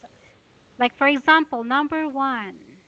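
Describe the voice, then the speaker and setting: A woman teaching English pronunciation, explaining slowly and repeating her instructions patiently. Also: high-pitched, bright, forceful tone, muffled recording. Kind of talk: giving a pronunciation lesson.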